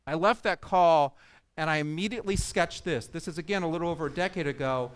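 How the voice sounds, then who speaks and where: On a conference stage, a man speaking at a coaching conference tells the audience a personal story laced with humor and self-deprecating asides. His voice is fairly high and brisk, with slight background noise in the recording.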